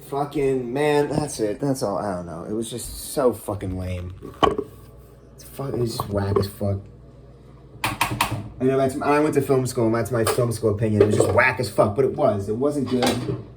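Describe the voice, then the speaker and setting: A man's voice: medium pitch, moderate pace, heavy background noise. A man in his thirties from the United States, ranting casually about a film into his phone while cooking at home, swearing often and rambling. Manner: swears a lot, rambling and exasperated. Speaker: vlogger reviewing a film. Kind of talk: casual rant.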